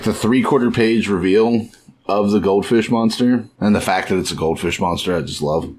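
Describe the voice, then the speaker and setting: A man's voice: on the low side, normal speed, darkish tone, slight background noise. A man talking on a podcast as a co-host, easygoing and rambling, now and then acting out quotes. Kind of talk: casual podcast chat.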